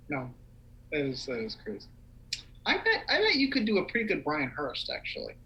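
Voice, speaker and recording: A young man co-hosting a casual livestream chat, animated and rambling with lots of fillers. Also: fairly high pitch, normal speed, lo-fi sound. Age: young adult. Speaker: podcast co-host.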